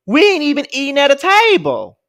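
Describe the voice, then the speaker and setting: A man's voice: extremely high pitch, huge pitch swings, brisk, fairly bright tone. A man giving a casual rant as a commentator, sassy, profane and emphatic.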